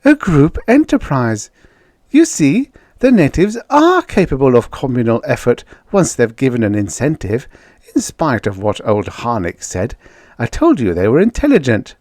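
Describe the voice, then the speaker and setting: A man's voice: very high-pitched, normal speed, a little mellow, no room sound, clean studio sound, voice pushed up. A man reading an audiobook, voicing a flustered young woman colonist who babbles and pants her lines. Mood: cheerful. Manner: breathless, babbling.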